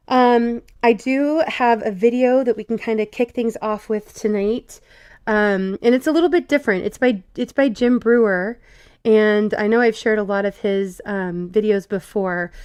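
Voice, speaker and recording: A woman hosting a casual livestream, thanking a friend and introducing a video with many pauses and ums. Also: mid-range voice, darkish tone, clean tone, no room sound, clean studio sound. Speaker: livestream host. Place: home stream setup.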